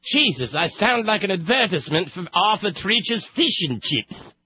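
A man doing a high, affected mock-British voice as a smug, prissy Englishman. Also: wildly swooping pitch, takes it slowly, husky, dull audio, exaggerated voice. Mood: mocking posh.

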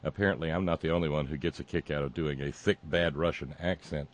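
A man hosting a sarcastic political commentary monologue, mocking and meandering with frequent pauses and restarts. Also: extremely low pitch, steady tone.

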